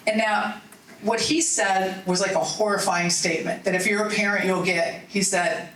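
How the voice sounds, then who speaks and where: A middle-aged woman, a political speaker telling animated, folksy stories to a party meeting. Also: medium pitch, normal speed, far from the mic, a little hiss or hum. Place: meeting hall. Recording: roomy hall audio from off-mic.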